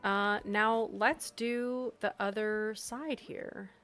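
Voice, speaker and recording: A woman streamer talks at an unhurried, easy pace, chatting with her viewers while she designs. She laughs often and reads chat messages aloud. Faint music plays behind her voice. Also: medium pitch, fairly even intonation, fairly bright tone.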